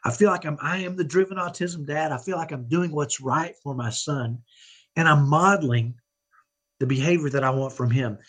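Speaking at a normal pace in a slightly high, bright, slightly rough voice, a middle-aged podcast guest delivers earnest, motivational parenting advice. He checks in with listeners often, ending points with "right?".

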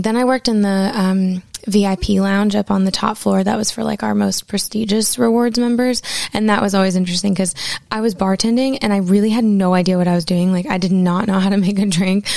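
Chatty woman with heavy vocal fry. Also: mid-range voice, no room sound, studio quality. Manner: chatty, lots of fillers, animated retelling. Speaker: singer-songwriter. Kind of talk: casual storytelling.

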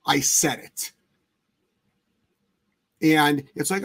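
A man's voice: fairly high pitch, animated, slow, a bit bright, husky. A man hosting a casual live chat as a dog trainer, talking bluntly and emphatically with plenty of swearing. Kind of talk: casual livestream chat answering viewer questions.

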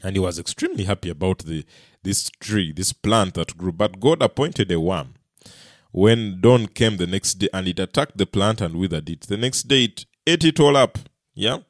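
A man preaching a sermon in an earnest way, swinging between loud emphasis and quiet asides, with a few repeated words and restarts. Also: low voice, lively intonation, moderate pace, no echo, studio quality. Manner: earnest, rises and falls in loudness for emphasis.

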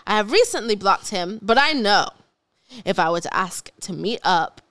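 Girl in her 20s co-hosting a podcast, super bright sound, laughs a lot while reading letters. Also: medium pitch, normal speed. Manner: candid, animated, laughs often. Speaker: podcast co-host. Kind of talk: casual chat, reading a listener letter.

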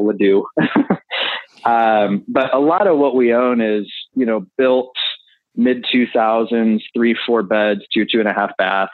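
Brief: man, low pitch, guest walking through numbers casually, dry tinny phone-line audio. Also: dry recording. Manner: explanatory, talks through numbers with fillers. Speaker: real estate investor guest. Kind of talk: casual interview answers.

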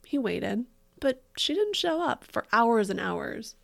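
A woman's voice: fairly high pitch, sing-song, slow, gravelly. A woman co-hosting a podcast in casual, joking chat, sarcastic and a little theatrical. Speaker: podcast co-host.

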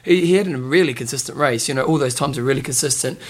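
Fast-talking male co-host. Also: medium pitch. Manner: joking, fast and chatty. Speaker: podcast co-host. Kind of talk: casual banter.

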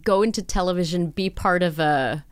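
A woman's voice: on the low side, moderate pace, smooth. A woman hosting a casual interview, chatting, affirming her guest and asking her questions. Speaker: podcast host.

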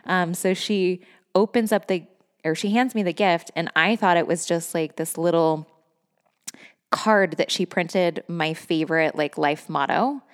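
A woman podcast host speaks in a somewhat low voice, unguarded and effusive as she tells her own story. She swears without a second thought and scatters "like" through every sentence. Bursts of laughter keep breaking into her phrases. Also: unhurried, long reverb tail. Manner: candid and effusive, swears freely, heavy use of "like"; laughs often between phrases. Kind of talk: casual personal storytelling.

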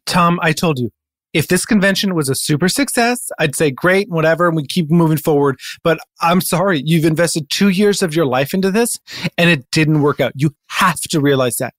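A woman's voice: sits low, moderate pace, no room sound, studio quality. A woman in an improv comedy sketch, scolding her partner in an exasperated way.

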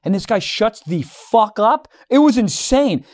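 A young man with a notably high-pitched voice co-hosts a casual podcast. He tells stories in an animated way, acts out both sides of the exchange, and swears without holding back. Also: a little slow. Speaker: podcast co-host. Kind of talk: casual storytelling chat.

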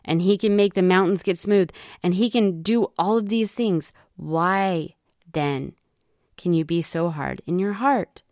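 A woman retelling scripture stories for children in an animated way, often asking her listeners questions. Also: fairly low pitch, a little slow, no room sound, studio quality. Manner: lively, asks listeners questions.

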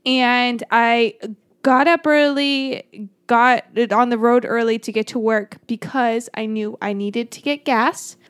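A young woman chatting casually on a podcast, telling a story in a loose, rambling way full of "like". Her voice sits a little high. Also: fairly even intonation, takes it slowly, clear, resonant tone. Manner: rambling storyteller, heavy use of "like". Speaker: podcast co-host. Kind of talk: casual chat.

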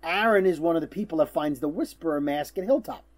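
A man's voice: on the high side, fast talker. A man co-hosting a podcast, chatting loosely about a TV episode and swearing casually. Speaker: podcast co-host. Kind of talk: casual TV recap chat.

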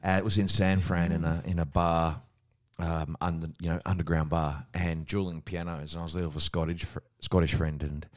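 An Australian man hosting a radio chat, telling stories in a casual, animated way. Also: sits low, a little fast, hardly any pauses. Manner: storytelling, animated, breaks into sung lines. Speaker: radio host.

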